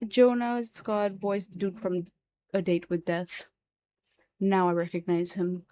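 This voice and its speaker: A woman streamer and voice actor chatting live on stream, excitable and repetitive, swearing freely. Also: on the low side, takes it slowly, no room sound. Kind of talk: casual livestream chat.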